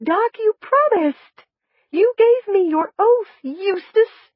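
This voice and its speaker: Woman narrator putting on a tiny, fragile girl voice, high and reedy, dull dry recording. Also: lively intonation, takes it slowly, no room sound, heavily acted. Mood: pleading. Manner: breathless, pleading. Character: frightened alien in a tiny childlike female body.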